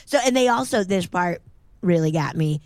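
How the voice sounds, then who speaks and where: Animated woman podcaster, dry close mic. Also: normal speed, no room sound. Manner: animated, acts out characters in high exaggerated voices. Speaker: podcast co-host. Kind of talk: casual chat recapping a movie.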